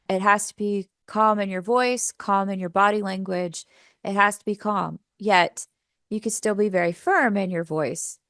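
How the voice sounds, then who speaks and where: A woman's voice: medium pitch, fairly bright tone, smooth, no echo, studio quality. A woman presenting a professional development workshop in an upbeat, coaching way, asking her audience questions. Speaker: teacher trainer.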